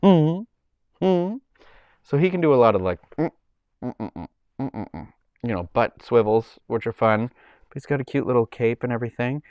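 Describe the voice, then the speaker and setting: A man's voice: medium pitch, animated, moderate pace, clean tone, no room sound, muffled recording. A man hosting a casual livestream from home, rambling loosely with lots of likes and ums. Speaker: livestream host. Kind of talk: casual chat.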